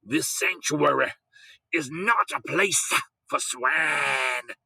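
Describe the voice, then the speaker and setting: A man voicing an indignant preacher who declaims slowly and loudly with a trembling voice. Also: sing-song, creaky, slightly rough, heavily acted. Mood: outraged. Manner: booming, slow, preachy declaiming.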